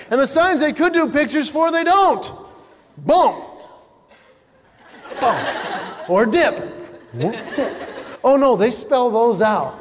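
A male comedian doing stand-up, telling stories in an animated way and acting out voices. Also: very high voice, slow pace, long pauses. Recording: long hall reverb, faint background noise.

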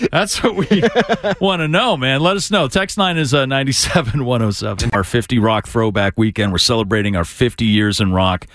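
A man's voice: medium pitch, moderate pace, no room sound. A man hosting a rock radio show, chatting casually and laughing often. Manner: excitable, laughing banter. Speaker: radio host. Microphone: studio microphone.

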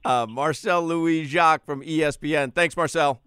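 A man's voice: a little high, fairly even intonation, normal speed, pushed and bright, smooth, no echo, studio quality. A man hosting a sports talk radio show, joking with his co-hosts in casual banter. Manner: jokey, laughing, tries silly accents.

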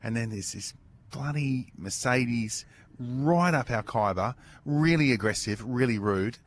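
A man's voice: mid-range voice, unhurried. A middle-aged Australian man co-hosting a podcast, chatting casually and acting out his own stories. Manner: chatty, animated storytelling with acted-out shouts. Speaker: podcast co-host. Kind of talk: casual chat.

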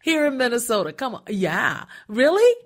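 Co-host, female, playful needling, animated voice. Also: a little high. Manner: teasing, quick questions. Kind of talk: casual chat.

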